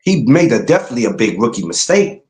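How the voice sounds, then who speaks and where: Animated New man talking boxing. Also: medium pitch, quick pace, roomy sound. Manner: animated, emphatic, rising to incredulous outbursts. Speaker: podcast host. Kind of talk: casual boxing talk.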